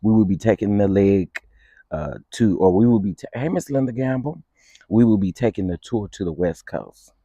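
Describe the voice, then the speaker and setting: A man chatting on a casual morning livestream, greeting his viewers one by one in a playful, sing-song way. His voice sits low and warm. The sound is dry and close. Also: lively intonation, normal speed, dry recording, lo-fi sound. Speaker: livestream host. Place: outdoors in the morning.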